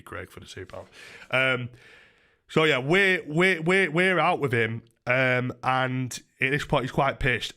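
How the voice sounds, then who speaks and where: A young man tells a rambling story to his livestream chat. His voice is bright and forceful, and he swears casually as he goes. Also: mid-range voice.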